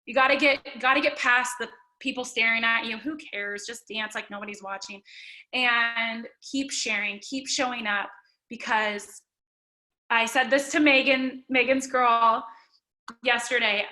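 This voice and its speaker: A woman's voice: on the high side, steady tone, a little slow, sharp tone, poor audio. A young woman leading a motivational team call, emphatic and upbeat, with lots of "like" between her thoughts. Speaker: team leader.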